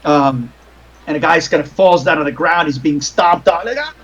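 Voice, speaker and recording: A man's voice: fairly high pitch, moderate pace, fairly bright tone, dull audio. A man narrating as game master over a call, rambling with restarts and casual swearing. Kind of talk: narrating a tabletop horror game.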